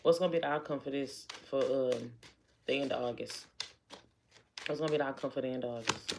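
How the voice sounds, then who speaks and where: A woman's voice: very deep voice, steady tone, a little fast, a little mellow, slight background noise. A woman giving a casual tarot reading, talking chattily and repeating lines for emphasis. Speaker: tarot reader.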